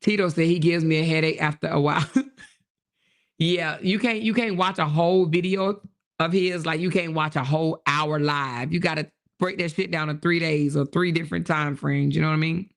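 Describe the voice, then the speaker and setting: A woman's voice: sits low, fairly even intonation, moderate pace. A woman hosting a casual livestream, reading viewer comments aloud and answering them in a blunt, profane way. She laughs often and loses her train of thought. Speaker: livestream host.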